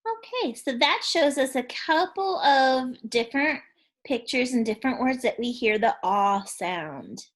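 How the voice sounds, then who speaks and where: A woman's voice: high voice, lively intonation, a little slow. A woman teacher giving a phonics lesson to young children. She is patient and encouraging and has them repeat sounds back to her.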